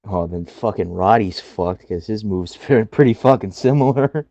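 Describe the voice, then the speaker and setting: A man's voice: fairly low pitch, lively intonation, normal speed, dark tone, no echo. A man co-hosting a podcast, talking casually with lots of swearing and laughter. His mic sounds dull and muffled but dry, with no room sound. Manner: profane, laughing, loose wrestling banter. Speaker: podcast co-host. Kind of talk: casual chat.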